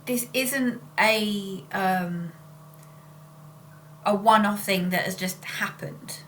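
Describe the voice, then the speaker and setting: A woman's voice: medium pitch, bright, forceful tone, slight background noise. A woman, chatting casually on her vlog in a rambling way, often breaking off to correct herself. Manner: rambling and self-interrupting. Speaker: spiritual channeler and vlogger. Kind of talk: casual chat.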